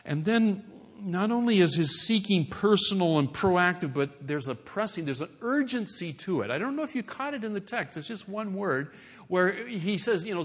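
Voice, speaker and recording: Lively, animated male preacher. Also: sits high, normal speed. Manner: animated, conversational, playful asides and mock voices. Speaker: pastor. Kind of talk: sermon.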